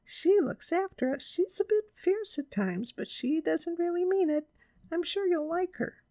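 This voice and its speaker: A kind young girl chirps reassurance in a much higher voice, as a woman reading a storybook puts her on. It is recorded close and dry. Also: lively intonation, measured pace, mellow, dry recording. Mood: cheerful.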